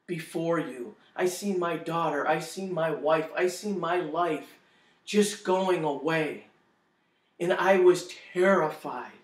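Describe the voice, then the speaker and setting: A man recounts his own story in a slow, earnest testimony. His voice sits high for a man and comes across from a distance in an echoey room. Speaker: testimony speaker. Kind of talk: personal testimony.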